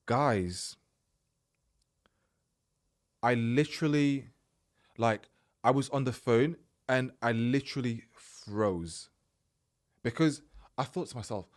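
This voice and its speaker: A man hosting a podcast, telling a personal story in a casual, animated way and acting out the dialogue. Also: medium pitch, takes it slowly, pauses often. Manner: animated, retells events by acting out quoted dialogue. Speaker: podcast host.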